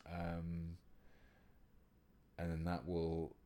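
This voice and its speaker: In a low-pitched voice and at a very slow pace, a British man hosts a casual live-streamed painting tutorial. He chats with viewers in a relaxed way while he works, reading out their comments.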